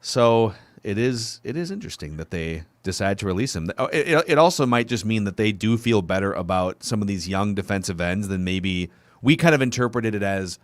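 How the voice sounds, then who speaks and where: A man's voice: lowish voice, expressive, brisk, hardly any pauses, no room sound. A man co-hosting a sports podcast, talking casually and thinking aloud with frequent questions. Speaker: podcast co-host.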